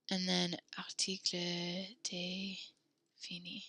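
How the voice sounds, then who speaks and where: A woman's voice: on the low side, completely flat delivery, extremely slow, dry recording. Encouraging woman teaching French online. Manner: encouraging, upbeat, corrects students gently. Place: home, on a video call. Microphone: computer mic on a video call.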